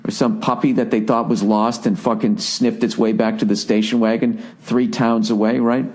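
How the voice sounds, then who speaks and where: A man's voice: mid-range voice, level tone, normal speed, darkish tone. Profane, exasperated man ranting. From United States. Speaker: podcast host. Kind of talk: ranting comedic monologue.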